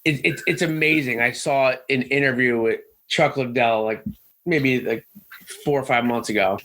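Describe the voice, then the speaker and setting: A man's voice: mid-range voice, normal speed, bright, forceful tone, slight background noise. A man co-hosting a podcast, speaking with stammered restarts and incredulous questions. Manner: stammering, incredulous, casual swearing. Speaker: podcast co-host. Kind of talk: casual podcast chat.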